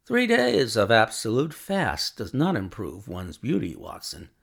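A man voicing Sherlock Holmes, a brisk, ironic, triumphant detective, in a crisp, amused manner. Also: mid-range voice, huge pitch swings, fairly bright tone, heavily acted.

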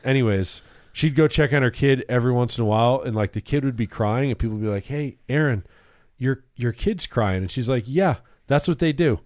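A man's voice: medium pitch, fairly quick, darkish tone, dry recording, clean studio sound. A man who once coached at a gym, telling anecdotes as a podcast guest in a laid-back, casual way. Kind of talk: casual chat.

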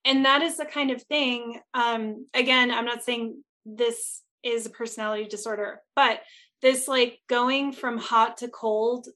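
A woman talking on a casual chat show with a voice sitting a little high. She is blunt and candid, swearing freely and acting out other people's words as she goes. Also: fairly even intonation, a little slow, pushed and bright.

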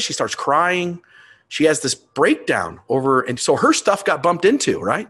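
A man's voice: a little high, big pitch swings, measured pace, fairly bright tone, husky. A man in his fifties, a grandfather, telling a family story in casual chat as a podcast co-host. His voice rises and he swears when he gets riled.

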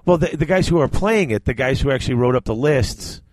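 A man's voice: medium pitch, expressive, fairly quick, darkish tone, dry recording. Easygoing guy cohosting a podcast, mid voice, dry close mic, lots of um and restarts. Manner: easygoing, trails off and restarts, laughs often. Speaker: podcast co-host. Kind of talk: casual chat.

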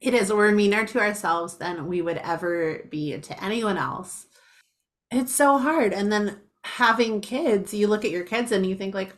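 A woman in her thirties hosts a podcast and talks things through thoughtfully, in an easy conversational tone. Her pitch sits in the middle range for a woman. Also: a little slow. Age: 30s. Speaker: podcast host.

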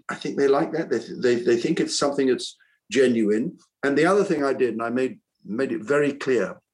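A man's voice: mid-range voice, a little mellow, poor audio. Earnest older man reminiscing. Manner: earnest, rambling with repeated restarts. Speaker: author and former teacher. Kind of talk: reflective interview conversation.

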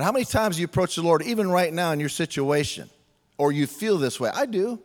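A man preaches a sermon in a loose, joking, conversational way, slipping into quoted voices as he goes. His voice sits a bit high for a man. The sound rings with long reverb, as if from a big hall. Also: lively intonation, fairly quick. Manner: conversational, humorous, acts out quotes.

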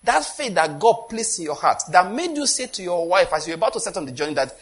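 Husky-voiced Nigerian preacher, high-pitched. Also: male voice, big pitch swings, fairly quick. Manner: storytelling with quoted dialogue, conversational; often asks if listeners get the point. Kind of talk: sermon.

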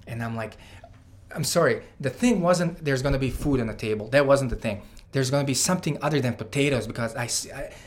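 A young man recounts a personal memory in a loose, conversational way, using many "like"s. His voice sits at an ordinary middle pitch. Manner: casual, says "like" often, grows louder and more emotional. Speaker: guest storyteller. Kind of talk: personal storytelling.

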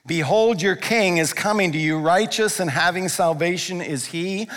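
A man delivers a sermon in a notably high voice, pressing his points with emphasis. He moves between quiet, hushed passages and loud, driving ones. His words hang in the long reverb of a large hall. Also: normal speed. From Canada. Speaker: pastor.

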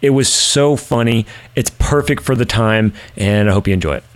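A man's voice: on the low side, normal speed, clear, resonant tone. A man hosting a podcast, telling jokes in a rambling, casual way and enjoying his own jokes. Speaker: podcast host. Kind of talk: casual joke-telling chat.

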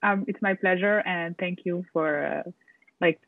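A woman's voice: on the low side, unhurried, no echo, narrow, tinny audio. A woman from Morocco, chatting casually as an interview guest and using frequent fillers.

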